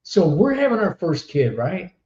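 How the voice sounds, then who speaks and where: A man hosting a casual podcast chat, telling stories in an animated way and laughing often. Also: high voice, moderate pace. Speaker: podcast host. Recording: roomy, dull online stream audio.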